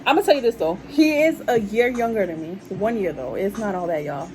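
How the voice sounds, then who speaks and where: A woman's voice: mid-range voice, expressive, fairly quick, darkish tone, soft background music, rough recording. A young woman chatting casually to her viewers about her life, calling them y'all. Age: young adult. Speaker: vlogger telling a story. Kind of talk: casual storytime chat.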